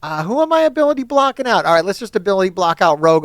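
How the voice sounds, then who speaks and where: A man's voice: high-pitched, sing-song, rapid-fire, fairly bright tone, no room sound. Profane, ranting male gamer. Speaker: gaming YouTuber. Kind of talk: casual gameplay commentary.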